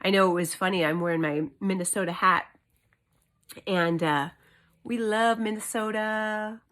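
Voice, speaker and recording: A woman's voice: mid-range voice, a little slow. Earnest, emphatic woman vlogging at home. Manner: emphatic, earnest, animated storytelling. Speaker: homeschooling mother. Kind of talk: casual vlog monologue. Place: indoors at home.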